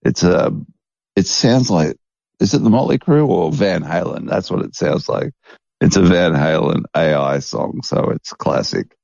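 A man's voice: deep voice, lively intonation, unhurried, vocal fry, darkish tone, no room sound, muffled recording. A man hosting a rambling, casual late-night chat at home, chuckling often. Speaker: podcast host.

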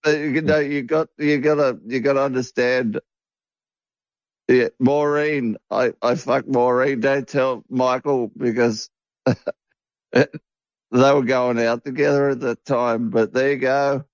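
A rambling, stammering old rock singer with a crude streak, as a man puts him on. He mumbles through repeated starts in a voice of ordinary pitch. The recording is a little dull and lo-fi. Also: fairly even intonation, slow pace, no echo. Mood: rambling, bawdy.

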